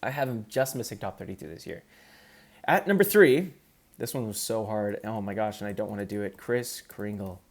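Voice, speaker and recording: A man's voice: lowish voice, normal speed. A man in casual commentary, ranking competitive gamers in an upbeat, chatty way with frequent ums.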